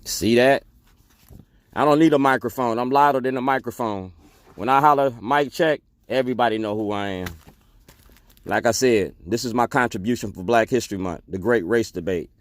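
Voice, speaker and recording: A man's voice: on the low side, normal speed, no room sound. Defiant man declaiming. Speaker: activist. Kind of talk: public testimony speech.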